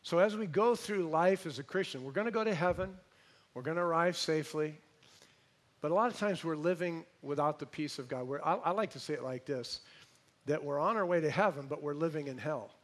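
A man preaching a sermon, telling a story in an animated way and praying. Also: on the high side, fairly quick. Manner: storytelling, animated, imitates voices.

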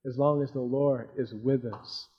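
A man's voice: medium pitch, steady tone, measured pace, breathy edge. A man preaching a sermon, telling a Bible story and acting out the disciples' frantic cries in raised voices. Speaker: pastor. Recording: dull lo-fi sermon recording.

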